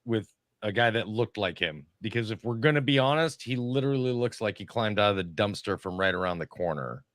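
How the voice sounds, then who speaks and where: A man with a lowish, bright, forceful voice, recorded dry and close to the mic. He teases the others dryly in a casual comedy podcast. When he explains something he stays plain and matter-of-fact. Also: expressive, brisk, no echo. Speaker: podcast co-host.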